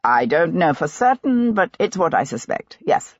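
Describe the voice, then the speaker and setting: A woman's voice: on the low side, sing-song, dry recording. A woman playing a guarded Russian colonel. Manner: evasive and measured. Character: guarded, cool male Russian colonel diplomat. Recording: dull dry lo-fi recording.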